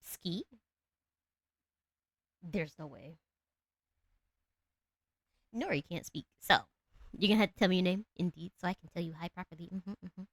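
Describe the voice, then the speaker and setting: A woman with a low alto voice chatting casually with her live-stream viewers, giggling often. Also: normal speed, long pauses, dry recording. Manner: chatty, giggly, talks to chat and her cat.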